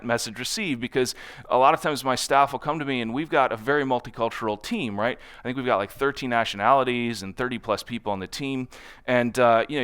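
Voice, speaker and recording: A man speaks at a conference in a loose, conversational way, tagging his points with quick check-ins to the crowd. His voice is smooth and resonant, and he sits at an ordinary middle pitch. He slips into other people's voices when he quotes them. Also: a bit bright. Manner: conversational, constantly checks in with "right?". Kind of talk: conference talk. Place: conference stage.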